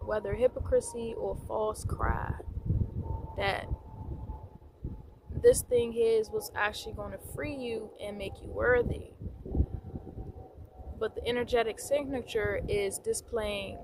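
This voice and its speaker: A woman's voice: medium pitch, unhurried, long pauses. A woman talks her way through a loose spiritual monologue in a mid-range voice, circling back and repeating words as she goes. The recording is noisy, with vehicle sounds in the background. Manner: meandering, repeats words, occasional soft laughs. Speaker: spiritual teacher.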